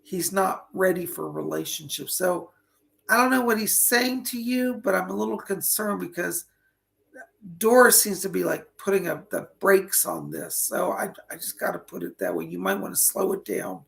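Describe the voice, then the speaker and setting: A man's voice: high voice, fairly even intonation, moderate pace, gravelly, fairly bright tone. A man hosting a live online psychic reading, talking chattily, greeting viewers by name, and losing his voice.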